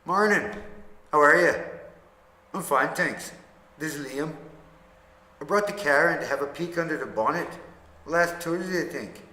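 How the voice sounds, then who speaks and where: A man's voice: on the high side, a little slow, long pauses, sharp tone. A man doing an amateur Irish accent as a chatty fellow talking about his car. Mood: cheerful. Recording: echoey room with long reverb.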